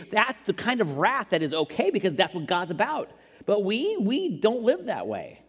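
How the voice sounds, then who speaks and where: A man preaching a sermon as pastor, animated and jokey, acting out quotes as he goes. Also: high voice. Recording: long reverb in a large hall.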